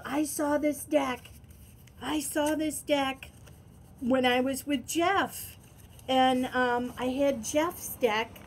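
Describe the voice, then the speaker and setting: Female vlogger, slightly high, unhurried, gushing unboxing delivery, faint background noise. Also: a little mellow, poor audio. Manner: gushing, gasping, breaks into delighted exclamations. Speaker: tarot channel host. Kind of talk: unboxing vlog.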